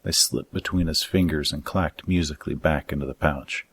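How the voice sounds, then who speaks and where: A man reading his own dark fantasy story aloud in a measured, even audiobook narration. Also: extremely low pitch, slightly rough, no room sound.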